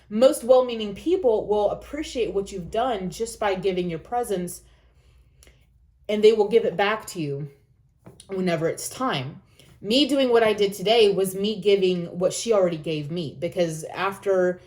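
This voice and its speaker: A woman's voice: mid-range voice, dark tone. A woman talking earnestly to camera, giving encouraging advice and repeating phrases for emphasis. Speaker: vlogger. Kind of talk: reflective personal talk.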